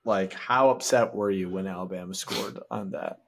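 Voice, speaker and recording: A man's voice: deep voice, moderate pace, vocal fry. A man co-hosting a podcast, dropping short teasing remarks into casual chat. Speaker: podcast co-host.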